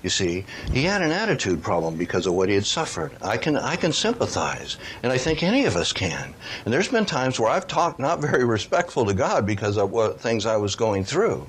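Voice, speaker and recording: Male preacher, sermon, lively pitch, reads scripture, faint background noise. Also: fairly quick, few pauses. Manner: lively, rising to questioning emphasis, reads scripture aloud.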